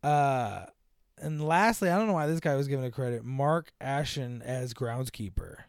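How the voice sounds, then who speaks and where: A man co-hosting a casual movie podcast, joking crudely and slipping into quick voices when he quotes characters. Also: mid-range voice, clean tone, dry recording, studio quality. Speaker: podcast co-host.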